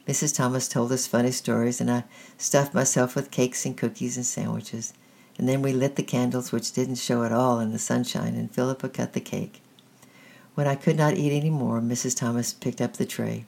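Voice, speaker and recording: A storyteller reading a children's story aloud at a measured, gentle pace. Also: mid-range voice, steady tone, vocal fry.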